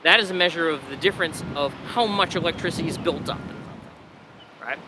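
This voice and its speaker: A man's voice: a little high, fast, noisy background. A young man, a father of a baby, teaching a casual science lesson in a chatty, digressive way with playful asides.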